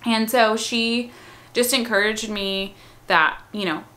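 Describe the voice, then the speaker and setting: A woman's voice: a little high, steady tone, takes it slowly, a bit bright. A woman casually telling her own birth story to viewers, with a chatty, rambling delivery full of "um" and "like.". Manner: chatty, with frequent "um" and "like".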